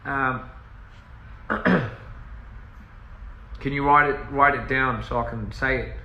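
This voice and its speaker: This recording artist's medium-pitched voice is bright and forceful, with fairly even intonation and a slow pace, as he chats with viewers on a phone livestream from home. He rambles, drifts off track, laughs frequently, and sprinkles in Korean and other languages. The rough recording is reverberant with slight background noise.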